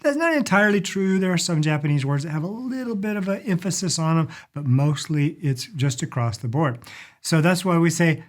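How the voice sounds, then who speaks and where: A man with a slightly raised speaking pitch teaches in a relaxed, friendly way. He often slows down to repeat words for learners before going on. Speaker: language and culture teacher. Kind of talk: casual instructional talk.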